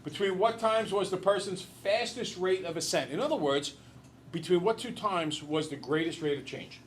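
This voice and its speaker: A male teacher lecturing a class in an animated, joking storyteller way. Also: high voice, moderate pace, a little hiss or hum.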